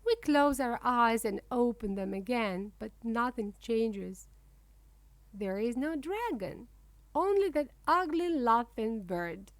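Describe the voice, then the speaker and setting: A woman reading a children's storybook aloud in a slow, clear way for young English learners. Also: on the high side, expressive, no echo. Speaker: narrator. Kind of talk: children's book read-aloud.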